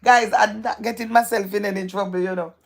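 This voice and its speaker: A woman's voice: medium pitch, steady tone, brisk, creaky. A woman hosting a live stream, reading viewers' comments aloud in a playful, gossipy way and repeating phrases for emphasis.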